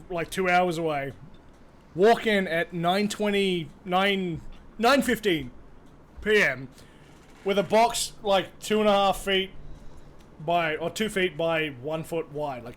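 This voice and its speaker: A young man chatting casually with his live-stream viewers while gaming, joking and swearing freely. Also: high-pitched. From Australia. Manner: animated, joking, swears freely, talks to chat.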